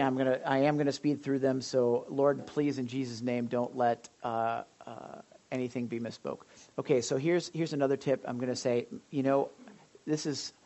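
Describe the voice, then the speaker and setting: Animated male pastor acting out scenes. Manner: animated, acts out scenes with sudden loud high outbursts. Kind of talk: sermon talk with audience sharing.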